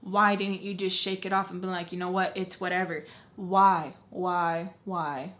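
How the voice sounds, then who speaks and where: A young woman vlogger telling a personal story to camera in a rambling, frank, animated way, full of fillers and swearing. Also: medium pitch, fairly quick. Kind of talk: casual storytime.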